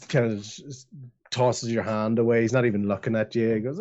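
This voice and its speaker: A man's voice: mid-range voice, steady tone, fairly quick, darkish tone, dull audio. A man narrating as game master of a tabletop game, rambling with lots of fillers.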